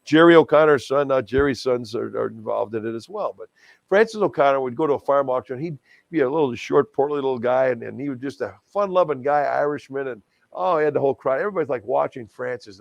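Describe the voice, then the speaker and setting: A middle-aged man from Wisconsin, a charity auctioneer telling stories in a casual interview, lively and self-deprecating, often restarting his words. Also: mid-range voice, quick pace, gravelly, no echo, muffled recording. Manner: animated, self-deprecating, many restarts and stammered repeats. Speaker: guest, charity auctioneer and stadium announcer.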